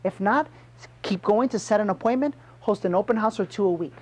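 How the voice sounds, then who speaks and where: Guy running a pumped-up sales meeting, punchy, keeps quizzing the room, voice sits a bit high. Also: a little fast, a little mellow, breathy edge. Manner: punchy, emphatic, quizzes the audience. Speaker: sales trainer. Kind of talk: motivational sales training talk.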